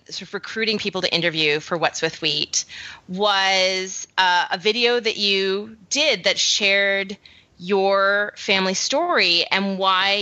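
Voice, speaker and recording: A woman from Canada with a softened Canadian accent, hosting a podcast in casual, chatty talk full of "like" and "um". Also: mid-range voice, no room sound, dull audio. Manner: chatty, filler-heavy, laughs often. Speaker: podcast host. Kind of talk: casual chat.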